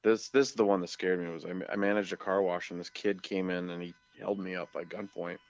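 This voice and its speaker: A deep-voiced man calmly recounting past events in a relaxed podcast talk. The sound is dull, a little lo-fi, and very dry. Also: fairly quick, no room sound. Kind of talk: casual storytelling.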